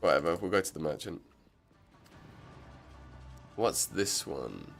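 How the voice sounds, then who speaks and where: Man, deep voice, rambling gameplay chat, lots of fillers. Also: very animated, takes it slowly, creaky, a bit bright, soft background music. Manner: rambling, chatty, heavy use of "like" fillers. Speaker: streamer. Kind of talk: casual gameplay commentary.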